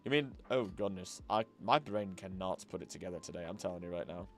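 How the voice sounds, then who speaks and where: A young man streams late at night over soft background music, chatting casually and thinking aloud. His deep voice moves fairly quickly as he rambles, keeps restarting his sentences and drifts easily off topic.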